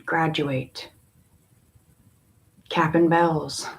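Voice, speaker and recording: A woman tarot reader in a casual spiritual talk, musing in a slow, meandering way with long pauses. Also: low voice, steady tone.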